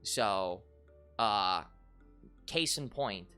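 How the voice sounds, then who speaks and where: An excitable streamer talking casually on a live stream, with a bright voice and a lively swing in pitch. The talk is joking and crude, jumping high and loud when worked up. Faint game music sits under the voice. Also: very slow, smooth.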